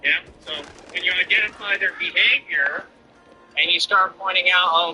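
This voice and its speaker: A man's voice: high-pitched, normal speed, bright, forceful tone, faint music behind, low-quality recording. A man streamer ranting defiantly and boastfully over his gameplay. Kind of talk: livestream rant over gameplay.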